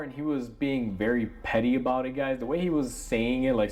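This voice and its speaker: A man telling a casual vlog story about his work as a mechanic, frank and animated, acting out what others said. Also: mid-range voice, fairly quick, few pauses. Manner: frank, animated retelling with many fillers. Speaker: mechanic vlogger.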